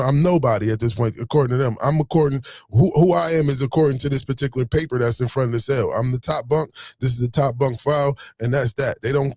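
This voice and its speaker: New guy telling a wild story, swearing a lot, pretty animated, dead dry room. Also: medium pitch, dry recording. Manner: animated, streetwise, swears freely. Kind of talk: casual storytelling to camera.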